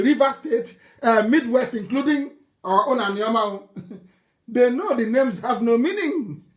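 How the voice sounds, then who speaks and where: A man with a Nigerian accent giving an impassioned live broadcast speech, mocking and scornful, laughing and shouting at times. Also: extremely high pitch. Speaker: political broadcaster.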